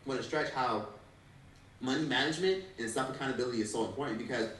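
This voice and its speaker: Blunt fast-talking man in an echoey room. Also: mid-range voice, fairly bright tone, distant mic, a little hiss or hum. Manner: blunt, swearing. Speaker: commentary YouTuber. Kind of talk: commentary.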